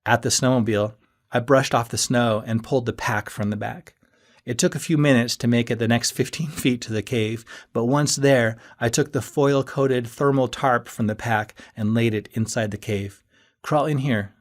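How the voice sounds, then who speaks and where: A man reading a first-person audiobook in a steady storytelling manner that rises with moments of tension. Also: mid-range voice. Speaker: audiobook narrator.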